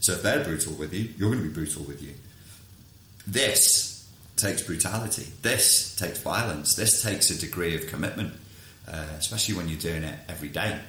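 A man's voice: deep voice, normal speed, bright, forceful tone, roomy sound, a little hiss or hum. A man who coaches clients, talking frankly in a casual monologue and swearing freely.

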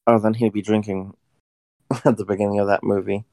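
A man's voice: on the low side, flat delivery, normal speed, mellow, dry recording. A man co-hosting a casual podcast about a movie, chiming in with short, dry remarks. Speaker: podcast co-host.

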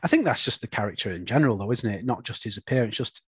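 A husky-voiced man hosts a laid-back comics podcast. His voice sits at an ordinary pitch and sounds dry and close to the mic, with no room around it. He keeps checking in with tag questions as he talks. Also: expressive, fast, no room sound. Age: young adult or middle-aged, a father. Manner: chatty, leans on tag questions like "isn't it?". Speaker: podcast host. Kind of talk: casual comics review chat.

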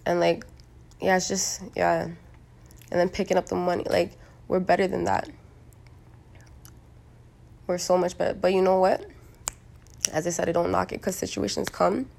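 A young woman rambling through a casual monologue. She is blunt and profane, leans on lots of likes and you-knows, and her voice is hoarse from smoking. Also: on the low side, little pitch movement, moderate pace, pauses often, a little mellow, slight background noise. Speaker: solo monologue recorder.

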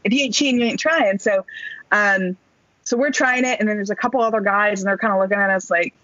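A woman guest, a Marine Corps major, telling a story in an animated, chatty way with salty language, often acting out what people said. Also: medium pitch, fast, dry recording, lo-fi sound. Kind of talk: casual storytelling.

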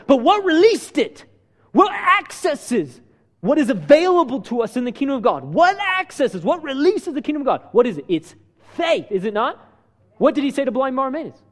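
A man preaching a sermon, animated, asking the crowd rhetorical questions and acting out quotes. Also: sits high, normal speed. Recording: long hall reverb.

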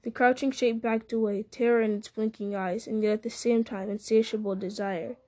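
A woman reads a story aloud at a measured pace, now and then slipping and starting a line over. Her voice sits fairly high, with a mellow, soft-edged tone. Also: steady tone. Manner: measured, with occasional slips and restarts. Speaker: reader. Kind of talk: audiobook-style story reading.

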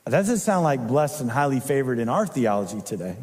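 A man preaching as a pastor, dramatic, swinging from loud emphasis to hushed intensity. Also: medium pitch, big pitch swings, fairly quick, few pauses, big-room sound. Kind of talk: sermon. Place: church.

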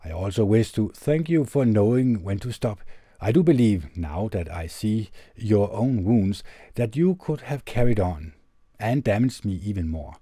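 A man hosting a podcast, reading a heartfelt letter aloud and then reflecting on it in an earnest, measured, gentle way, into a tube condenser studio mic. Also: on the low side, expressive, no echo. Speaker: podcast host.

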